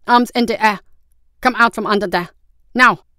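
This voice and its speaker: A woman reading a story, voicing a brusque male guard captain who shouts orders. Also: mid-range voice, normal speed, no echo, clean studio sound, natural voice. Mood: commanding. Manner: shouting commands.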